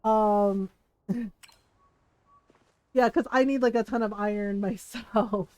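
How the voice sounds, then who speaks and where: A woman game streamer telling a family story in a casual, animated way, laughing often and swearing freely. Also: mid-range voice, slow, poor audio. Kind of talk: casual storytelling while gaming.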